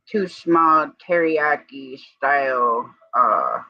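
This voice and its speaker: Her voice rumbles low and sounds animated, though she talks very slowly and without echo. Co-hosting a live stream in dull lo-fi audio, she drifts through casual chatter and breaks off to order her dog around.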